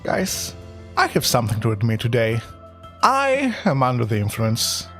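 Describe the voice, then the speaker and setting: Brief: young woman, gaming streamer, silly and giggly, very lively pitch, faint music behind. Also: moderate pace. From Greece. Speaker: VTuber streamer. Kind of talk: casual gaming livestream chat.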